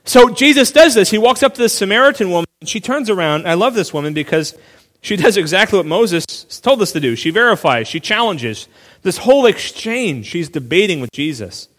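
A male pastor preaching a sermon in a relaxed, conversational way, full of asides and quick restarts. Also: sits high, in a large hall.

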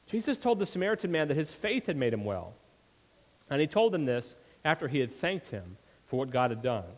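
A pastor preaching in a church sanctuary, his voice a touch high for a man. He builds emphasis through repeated rhetorical questions, and each phrase trails into a long hall reverb. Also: big pitch swings, fairly quick. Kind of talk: sermon.

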